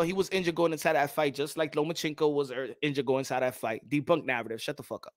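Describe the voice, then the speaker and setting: A man hosting a boxing show, talking loud and profane, mocking critics and repeating himself. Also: on the high side, fairly even intonation, fast talker, hardly any pauses, dry recording, clean studio sound. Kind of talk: animated boxing commentary.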